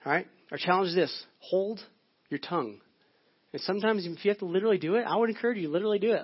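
A man's voice: sits high, very fast, breathy edge. A male pastor giving a sermon in a conversational, storytelling way. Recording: dull lo-fi audio.

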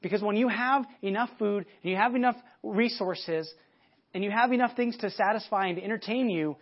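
A man's voice: sits high, a little fast. A man from the United States preaching a sermon in a conversational way, acting out people's thoughts as he goes. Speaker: pastor. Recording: dull lo-fi sermon audio.

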